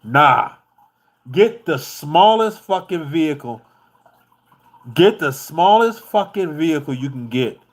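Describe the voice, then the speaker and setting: A man's voice: a little high, expressive, takes it slowly. Laid-back American man telling a travel story. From United States. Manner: loose, profane and laid-back, laughs often. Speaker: vlogger.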